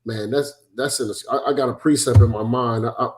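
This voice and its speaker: A man's voice: medium pitch, steady tone, fairly quick, a little mellow, a little hiss or hum. A man talking casually about scripture, rambling and searching for his words.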